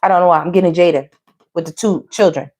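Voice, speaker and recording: Talking fast in a lowish voice, a tarot reader delivers a casual, sassy and animated reading. She's full of slang and keeps addressing viewers as "baby" and "y'all."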